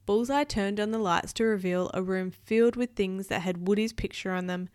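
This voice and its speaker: A woman reading a storybook aloud to a child at home, patient and gentle. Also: medium pitch, normal speed, clear, resonant tone, dry recording, studio quality.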